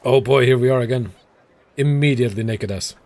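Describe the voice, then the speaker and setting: A man's voice: mid-range voice, brisk, darkish tone, dry recording, some chatter behind. A man casually commenting while streaming a game, wry and profane, muttering asides.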